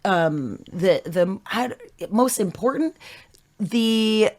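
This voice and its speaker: Woman, podcast guest, unhurried talk, halting, casual chat. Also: mid-range voice, lively intonation, a little mellow.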